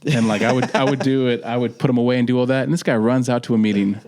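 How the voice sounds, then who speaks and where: A man co-hosting a casual faith podcast, earnest and quick to laugh while sharing his own stories. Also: medium pitch, steady tone, darkish tone. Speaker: podcast co-host.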